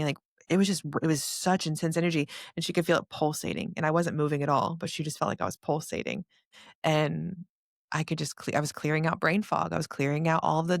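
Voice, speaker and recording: A woman guest on a podcast, an energy healer telling stories in a gushing, animated way. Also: deep voice, gravelly, dry recording, clean studio sound. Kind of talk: casual chat.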